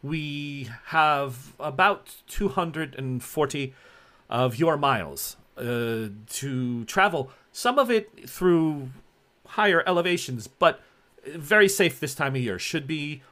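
A man's voice: a little high, lively intonation, slow, bright, forceful tone, heavily acted. A man voicing a polite, fit, middle-aged male mountain guide who speaks broken English with a slight put-on accent. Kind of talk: tabletop role-play acting.

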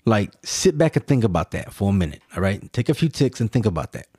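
A man's voice: on the low side, big pitch swings, quick pace, dark tone, slightly rough, no echo, clean studio sound. A man hosting a solo podcast, talking earnestly and emphatically to his listeners, with restarts and repeated words. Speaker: podcast host. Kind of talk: solo reflective monologue.

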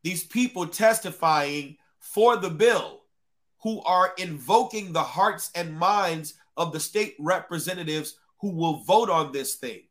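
A man's voice: on the high side, a little slow. A man hosting a casual livestream, talking straight to his chat with blunt, profane remarks. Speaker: livestream host.

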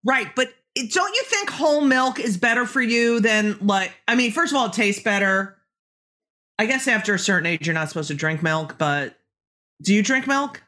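A woman's voice: on the high side, animated, normal speed, pushed and bright. Brash, joking woman host. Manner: brash, joking, swears freely. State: phlegmy throat. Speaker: podcast host. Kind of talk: casual interview chat.

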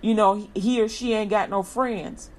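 A woman delivers a loose, conversational sermon of encouragement. She talks in everyday slang, circles back to the same cheerful phrase, and acts out the greetings she wants listeners to use. Her voice sits at a middling pitch for a woman. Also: moderate pace. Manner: colloquial, repeats a slogan, acts out lively quoted greetings. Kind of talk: informal inspirational sermon.

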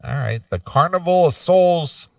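A man's voice: on the high side, expressive, a little slow, creaky, dry recording, far from the mic. A man co-hosting a casual metal music podcast, rambling and laid-back with plenty of fillers, hiccuping now and then. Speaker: podcast co-host. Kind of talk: casual chat.

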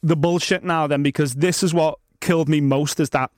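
A man's voice: a little high, fairly even intonation, moderate pace, darkish tone, no room sound. Blunt, sweary man, dry sound. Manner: blunt and sweary, talks in a rush. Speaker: podcast co-host. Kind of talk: casual chat.

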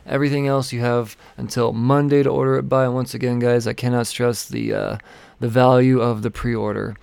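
A man with a gravelly, rough-edged voice, talking casually and swearing freely on a solo comics podcast. The sound is dry and close, with no room around it. He rambles from one release to the next in an offhand way. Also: medium pitch, flat delivery, a little fast, darkish tone, no room sound. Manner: loose, profane and rambling, sipping vodka. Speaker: comic book podcast host.

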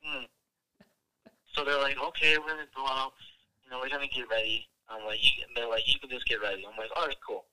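A man's voice: medium pitch, fairly even intonation, fairly quick, pushed and bright, low-quality recording. A young man from Wisconsin telling a long, profane story in a rambling, casual way, full of filler words. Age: young adult. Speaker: podcast guest telling a story.

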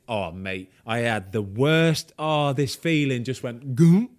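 A man hosting a casual podcast, telling an animated story full of fillers, asides and the odd swear word. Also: medium pitch, slow pace, no echo, studio quality. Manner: animated, excitable, swears, frequent "right?" and "um". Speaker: podcast host, former goalkeeper.

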